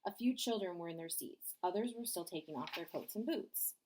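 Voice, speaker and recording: A woman's voice: fairly low pitch, animated, a little fast, darkish tone, a little hiss or hum. A woman reading a children's chapter book aloud as a bedtime story. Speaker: storybook reader.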